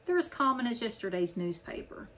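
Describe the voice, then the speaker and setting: A woman's voice: fairly high pitch, very animated, a little fast, fairly bright tone, pitched above the performer's own voice. A woman voicing a grumpy, blunt old male book appraiser in an audiobook reading. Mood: indignant. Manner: gruff, blunt, dismissive.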